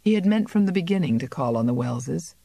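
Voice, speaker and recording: A woman's voice: low-pitched, lively intonation, fairly quick, vocal fry, mellow, no room sound. Woman reading a novel, dry and close. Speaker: audiobook narrator. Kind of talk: scripted narration.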